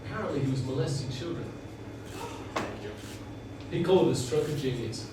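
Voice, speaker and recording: A man doing a stand-up comedy set with a deadpan delivery, bantering with people in the front row. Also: on the high side, brisk. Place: comedy bar venue, indoors. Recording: echoey, distant, noisy room recording.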